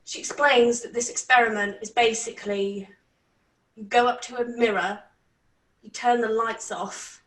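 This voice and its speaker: A British woman with a high voice tells a story in a lively, casual way, swearing freely and laughing as she goes. She sits back from the mic in a roomy space. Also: unhurried, far from the mic. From Britain. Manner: animated, swears, laughs often. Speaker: channel host.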